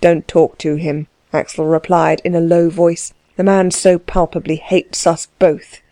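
Woman doing a stiff dutiful official man, formal, low-voiced, mellow tone, storybook. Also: level tone, measured pace, no echo.

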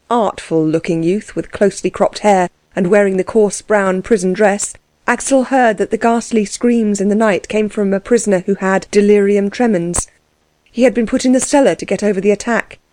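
A woman reading a novel aloud as narrator, in a measured, steady way. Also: mid-range voice, dry recording. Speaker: audiobook narrator. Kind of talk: scripted narration.

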